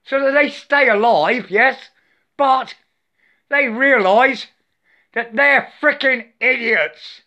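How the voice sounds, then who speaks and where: A man's voice: very high-pitched, takes it slowly, sharp tone. Ranting older man, lo-fi. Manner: profane, repetitive, preachy, says "I" for "my". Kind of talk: angry ranting monologue. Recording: dull lo-fi sound.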